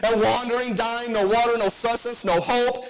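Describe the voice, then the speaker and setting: A man's voice: very high voice, steady tone, moderate pace. A pastor preaching a sermon with an impassioned, sing-song cadence and frequent call-outs to his congregation.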